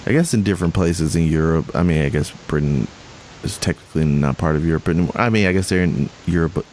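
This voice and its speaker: A man's voice: a bass voice, quick pace, a little mellow. A young man co-hosting a podcast in casual chat, rambling with restarts and frequent laughter. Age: young adult. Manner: rambling, self-correcting, laughs often. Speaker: podcast co-host. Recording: faint hiss.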